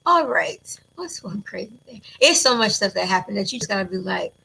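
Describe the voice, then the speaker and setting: Bright-voiced woman telling lively stories. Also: medium pitch, a little fast, vocal fry, breathy edge, rough recording. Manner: animated, laughs often, acts out quotes. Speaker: wrestling ring announcer and interviewer. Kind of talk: casual interview storytelling.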